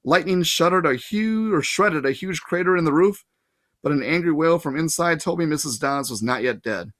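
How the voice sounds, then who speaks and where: A man reading a novel aloud, narrating in a steady first-person manner. his voice sits a bit high for a man. he adds occasional casual asides to his listeners. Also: moderate pace. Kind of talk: storybook read-aloud.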